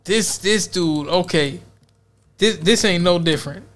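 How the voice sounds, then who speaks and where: A man's voice: sits high, unhurried, fairly bright tone. A man hosting a podcast who reacts casually to video clips, joking and restarting his sentences. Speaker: podcast host.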